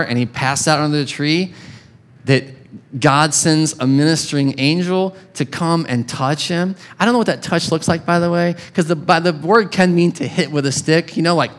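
A man preaching a sermon in a conversational, animated way, acting out little voices as he tells the story. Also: on the high side, moderate pace. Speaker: pastor.

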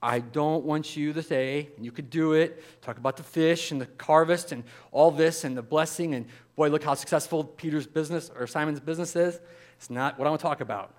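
A man preaching a sermon, animated, acting out the voices of the people in the story. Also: fairly high pitch, fairly quick. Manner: animated, acts out voices of biblical figures. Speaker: pastor.

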